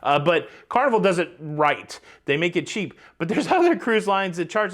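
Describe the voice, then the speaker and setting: A man's voice: a little high, very animated, brisk, hardly any pauses. A man hosting a cruise news vlog, chatty and upbeat, talking straight to his viewers from outdoors by the ocean. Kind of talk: casual vlog commentary.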